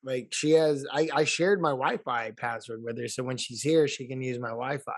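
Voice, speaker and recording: A man's voice: medium pitch, normal speed, no room sound. Chatty man, dry close sound. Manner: animated storyteller who repeats words and swears. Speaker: podcast host. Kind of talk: casual chat.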